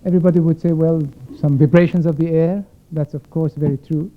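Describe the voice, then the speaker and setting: A man's voice: fairly high pitch, steady tone, fairly quick. Man with a thin phone-like sound. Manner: reflective, explanatory, poses questions to the audience. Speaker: concert violinist addressing the audience. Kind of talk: spoken introduction at a concert. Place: concert stage before a live audience.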